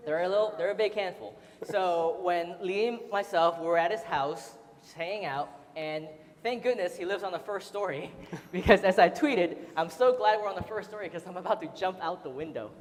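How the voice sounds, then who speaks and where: A man's voice: sits high, moderate pace. A man giving a casual, chatty seminar talk to an audience, laughing often and full of fillers. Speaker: seminar speaker. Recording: roomy hall reverb.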